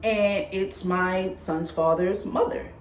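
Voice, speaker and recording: A woman's voice: fairly low pitch, steady tone, slow, a little hiss or hum. A young woman telling a personal story in a candid, chatty way, acting out what others said. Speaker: vlogger. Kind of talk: casual storytime. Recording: echoey room with faint ambience.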